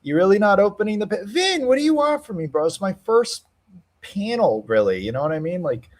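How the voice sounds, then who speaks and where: A young male stream host talking fight picks in casual, slang-heavy chat. His pitch swings widely as he hypes and trash-talks. He breaks into loud cheering when the action turns his way. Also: sing-song, brisk. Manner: hyped, slangy trash talk, shouting at fight moments.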